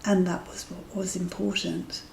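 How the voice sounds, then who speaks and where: A woman's voice: lowish voice, flat delivery, moderate pace, vocal fry, a little mellow, echoey room, slight background noise, low-quality recording. A woman in her fifties telling a dating story in a chatty, amused way, sometimes dropping to a whisper for asides. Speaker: vlogger sharing dating stories. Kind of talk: casual anecdotal storytelling.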